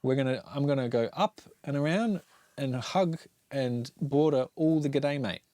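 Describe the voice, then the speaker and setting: A man's voice: medium pitch, normal speed, warm tone, dry recording. A man hosting a casual drawing tutorial with his child, upbeat, chatty and encouraging. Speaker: art tutorial host and dad.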